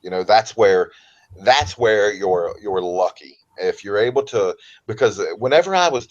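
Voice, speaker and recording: A man with a baritone voice and a light Southern American accent, a guest talking in a relaxed, rambling way over a remote call. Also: a little slow, lo-fi sound. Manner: relaxed, rambling, comfortable speaker. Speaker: interview guest. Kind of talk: casual interview talk.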